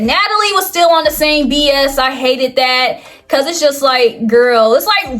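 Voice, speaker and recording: A woman's voice: sits high, unhurried, few pauses, a bit bright, faint music behind. A young woman, chatting casually about a reality show with frequent "like, girl" asides. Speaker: reality TV commentator. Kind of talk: casual commentary vlog.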